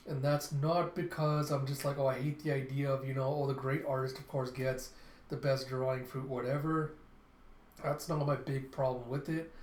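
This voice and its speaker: Brief: casual male reviewer, slightly high voice, lots of fillers and sighs, echoey room. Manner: animated play-by-play, frequent sighs and filler words. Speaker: manga reviewer.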